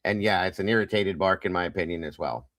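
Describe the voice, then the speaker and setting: A man's voice: sits low, fast, fairly bright tone, dry recording. Blunt, profane man hosting a stream. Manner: blunt and profane, keeps saying it is just his opinion. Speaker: livestream host. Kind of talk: casual true-crime discussion stream.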